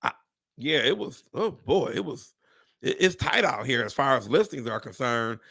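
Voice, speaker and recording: Speaking at a normal speed with a gravelly, slightly breathy medium-pitched voice, this real estate agent talks casually to his live stream audience. He's exclamatory and lively, cursing and speaking straight to "y'all."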